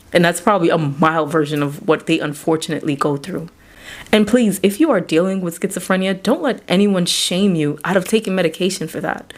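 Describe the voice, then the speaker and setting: A woman therapist and psychiatric provider speaking earnestly to camera about faith and mental health, in a conversational way that acts out back-and-forth dialogue. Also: on the low side.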